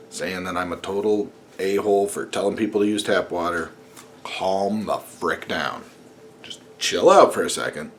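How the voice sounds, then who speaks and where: A man vlogging casually at home at night, rambling, joking and swearing as he reads notes to the camera. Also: fairly low pitch. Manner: rambling, sarcastic, swears and jokes.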